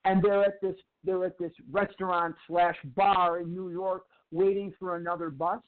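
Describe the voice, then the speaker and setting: Male recovery speaker with a high voice who tells stories and drives points home by slow repetition; thin, phone-like recording. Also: flat delivery. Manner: slow, emphatic repetition of phrases. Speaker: twelve-step recovery speaker. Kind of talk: storytelling lecture. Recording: tinny phone-like sound.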